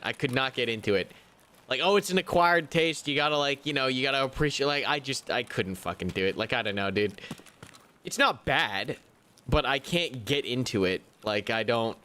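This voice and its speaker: A young man streaming a game, chatting casually in a rambling, profane, animated way. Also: fairly low pitch, a little hiss or hum. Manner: rambling, profane, animated rants with mocking impressions. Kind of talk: casual live-stream chat while gaming.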